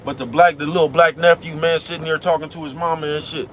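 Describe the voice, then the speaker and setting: A man's voice: fairly high pitch, fairly even intonation, fast, fairly bright tone. A man driving a big truck, rambling and preaching in slangy, casual talk to his viewers. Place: cab of a big truck on the road. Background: faint traffic noise.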